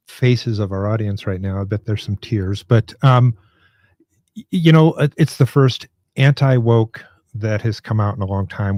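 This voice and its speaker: A man's voice: fairly low pitch, warm tone, no echo. A man co-hosting a casual political talk show, speaking conversationally and often stumbling and restarting. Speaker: co-host.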